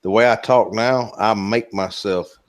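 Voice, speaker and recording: A man's voice: on the low side, steady tone, a little slow. A man with a Southern US accent, co-hosting a live stream in a casual, joking drawl that swears now and then.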